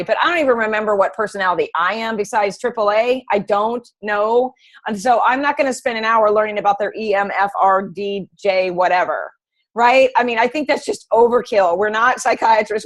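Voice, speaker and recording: A woman's voice: medium pitch, low-quality recording. A middle-aged woman, a health coach, teaching a group of other coaches in a casual, chatty way with many fillers and tag questions.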